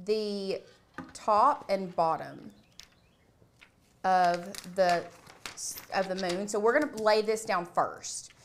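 Woman, young adult, craft tutorial host, chatty, live demonstration, mid pitch. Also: a little hiss or hum. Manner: chatty, talks while working with hands.

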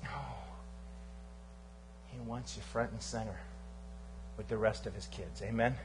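A man preaching a sermon as pastor at a church service, swinging from fervent emphasis to hushed, quiet lines. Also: on the low side, measured pace, pauses often, a little hiss or hum. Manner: animated preaching with sudden quiet drops.

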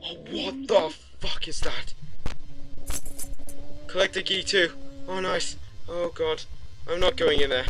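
A man's voice: a little high, unhurried, pauses often, fairly bright tone, faint music behind, rough recording. A man playing a horror game and commenting, jumpy and swearing, talking back to the game at a desk mic. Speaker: gamer.

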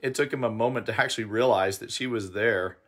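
A man's voice: fairly low pitch, fast, a bit bright. A man in casual conversation, supportively filling in details of the outreach stories and agreeing along. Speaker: co-host on a mission outreach.

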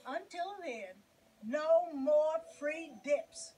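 A bossy, sarcastic potion-shop keeper in a game, her high voice lively and scolding. The voice sits a little back from the microphone, with a faint hiss behind it. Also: drawn-out words, distant mic, soft background music, full character voice. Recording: game audio, voice set back.

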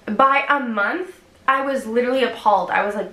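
A young woman talks to her camera in a loose, chatty vlog, tossing in "like" every few words. Her voice sits a bit high and sounds bright and forward. The room around her rings with a noticeable echo. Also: a little fast. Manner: chatty and expressive, many "like" fillers. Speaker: vlogger.

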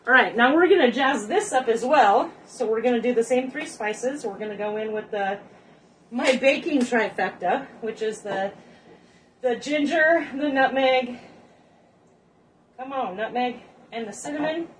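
Picked up by a distant mic with a little background noise, a woman demonstrates home cooking in her kitchen, chatting, rambling and making jokes for her viewers. Her voice is on the high side and a little slow.

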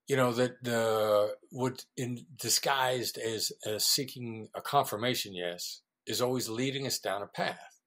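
Guy explaining negotiation stuff, really animated, does the voices of people he quotes, mid pitch. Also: a little slow. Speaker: guest negotiation expert. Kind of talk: conversational interview explanation.

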